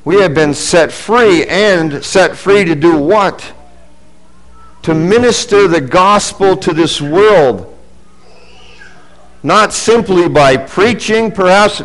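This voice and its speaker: Earnest male preacher, fairly high voice. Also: rough recording. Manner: earnest, swinging from raised emphasis to low hushed asides. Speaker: pastor. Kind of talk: sermon.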